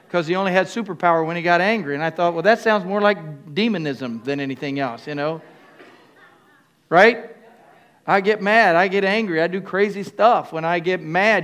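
Preaching with a high, slightly bright voice, this older pastor draws responses from his congregation in call-and-response fashion. His delivery is halting, full of restarts and fillers as he keeps breaking off phrases to begin again.

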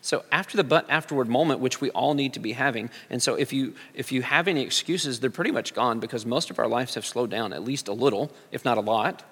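A man preaching a sermon as a pastor, speaking earnestly and sometimes rising into loud pleading cries. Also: mid-range voice, fast talker, hardly any pauses, breathy edge, long reverb tail.

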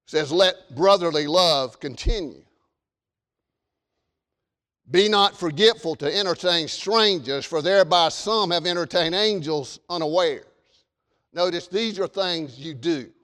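A man's voice: on the high side, a little slow. Southern accent, male preacher, fervent sermon, echoing hall. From American South. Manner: fervent, shouts warnings then drops to folksy storytelling.

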